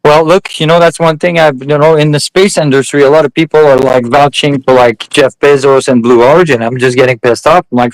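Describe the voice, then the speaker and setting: A man's voice: fairly high pitch, steady tone, brisk, hardly any pauses, dry recording, low-quality recording. A man hosting a live audio chat, emphatic and blunt, swearing and cutting others off. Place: remote live audio room.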